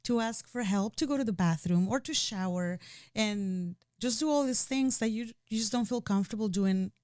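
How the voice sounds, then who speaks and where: Her voice is mid-range and darkish, delivered at a normal pace in a clean, echo-free studio recording. She is having a personal conversation and speaks emotionally and earnestly, frequently restarting her sentences and saying "you know."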